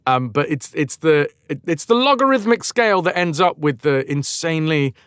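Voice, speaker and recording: Rambling streamer with a lively voice. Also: male voice, fairly high pitch, moderate pace, clear, resonant tone, no echo, clean studio sound. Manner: digressive, self-interrupting, wry, swearing. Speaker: livestream host. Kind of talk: casual rambling chat.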